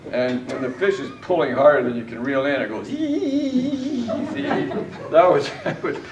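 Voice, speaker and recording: Speaking briskly in a mid-range voice, this middle-aged man chuckles his way through fishing stories as part of a party tribute. The audio is dull, and the big indoor room leaves it echoey, far-off and full of crowd noise.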